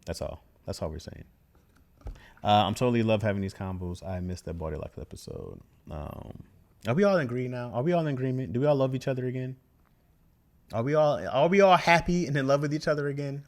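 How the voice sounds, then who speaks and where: A man's voice: medium pitch, brisk. A man co-hosting a casual podcast chat, talking things through with his co-host and reading listener comments aloud.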